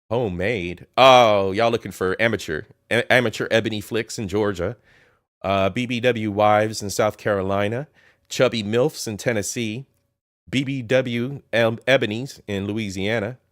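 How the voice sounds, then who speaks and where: A man's voice: lowish voice, fairly bright tone. A man hosting a casual reaction commentary, mocking and profane as he reads through a list. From Ohio. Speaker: commentary host.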